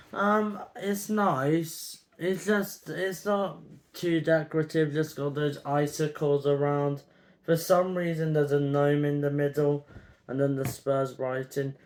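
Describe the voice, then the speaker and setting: Slow-talking man vlogging. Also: fairly high pitch, darkish tone. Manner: chatty and opinionated, many ums. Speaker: football vlogger. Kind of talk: casual grading commentary to camera.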